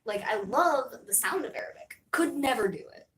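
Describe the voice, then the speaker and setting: A woman's voice: fairly high pitch, animated, normal speed, a bit bright, reverberant. A young American woman streaming, chatting casually in a rambling way, full of fillers and laughs. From United States.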